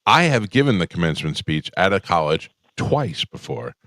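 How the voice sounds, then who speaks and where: A man with a very low, deep voice hosts a casual radio talk show from a dry studio. He rambles through anecdotes and reacts quickly to his guest. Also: very animated, a bit bright, no echo.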